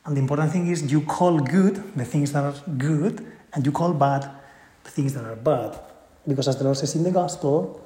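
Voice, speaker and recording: A man's voice: fairly high pitch, normal speed, mellow. A man giving a conversational spiritual talk, earnest, often checking in with his listeners. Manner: earnest, tags points with "right?". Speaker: spiritual speaker. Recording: echoey room.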